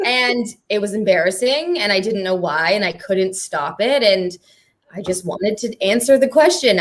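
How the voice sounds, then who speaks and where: A woman's voice: medium pitch, lively intonation, normal speed. A woman moderating a live panel conversation on stage. She speaks in an earnest, heartfelt way and laughs often. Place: performing arts centre stage.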